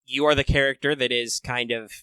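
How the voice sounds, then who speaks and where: A man in casual chat who talks in a thoughtful, measured way, with some hesitation. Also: medium pitch, steady tone, bright, forceful tone, clear, resonant tone, dry recording.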